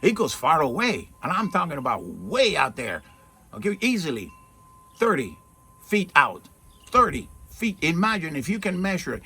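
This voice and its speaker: An earnest man gives an informal spiritual talk outdoors, his fairly high voice rising and falling in animated swings. He keeps asking rhetorical questions and checking in with "okay?". Faint outdoor ambience with wind chimes sits behind him. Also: moderate pace, gravelly. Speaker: spiritual teacher. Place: outdoors in the shade at his home, with trees and mountains. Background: faint outdoor ambience with birds and wind chimes.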